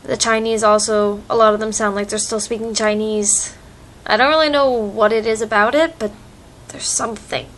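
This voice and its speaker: A woman's voice: mid-range voice, steady tone, moderate pace. A young American woman chatting casually in a vlog, rambling with lots of fillers, recorded on a phone. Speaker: vlogger. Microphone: phone microphone.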